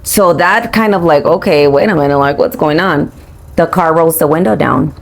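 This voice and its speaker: Profane, animated mixing storyteller woman. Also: low voice, moderate pace, gravelly. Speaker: podcast co-host. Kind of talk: casual storytelling chat.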